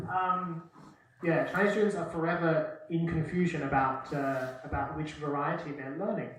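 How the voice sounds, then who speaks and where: A man's voice: fairly high pitch, steady tone, normal speed, noisy background. A man with an Australian accent giving a joking, self-deprecating classroom lecture and slipping into Mandarin now and then. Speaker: university lecturer. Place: large echoey lecture room. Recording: echoey lecture hall from far off.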